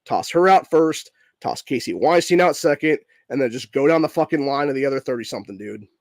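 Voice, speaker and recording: A man who sounds sick, his voice messed up, hosts a political podcast and rants angrily, swearing constantly and ending nearly every line with "dude." His medium-pitched voice is animated and a little fast, with clean studio sound and no room sound.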